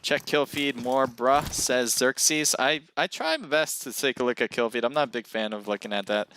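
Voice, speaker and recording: A man commentating a live esports match in a relaxed, chatty way, his voice at an ordinary middle pitch. He laughs easily and jumps up in excitement when players barely escape. A faint hiss sits under the voice. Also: a little fast. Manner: casual and chatty, laughs often and gets excited at close calls. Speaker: esports caster.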